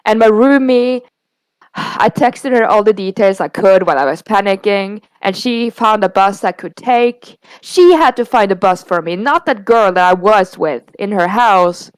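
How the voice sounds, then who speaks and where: A young woman tells a personal story in a casual podcast chat, acting out what each person said. Her voice is smooth and clear at a middle pitch. The sound is dry and close. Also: measured pace, no echo, poor audio. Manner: candid, retelling a bad date with quoted dialogue. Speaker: podcast co-host.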